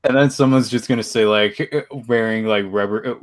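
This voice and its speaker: A man's voice: fairly low pitch, moderate pace. A man in a casual chat over a video call, talking hesitantly with many fillers. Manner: hesitant, lots of "uh" and "like", laughs along. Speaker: guest.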